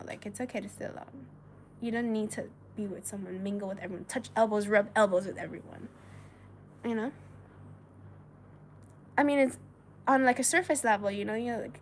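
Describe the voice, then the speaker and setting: A woman's voice: mid-range voice, moderate pace, long pauses, slight background noise. A woman from China hosting a casual livestream, reading viewer messages aloud in a chatty, giggly way with lots of filler words. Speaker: livestream host.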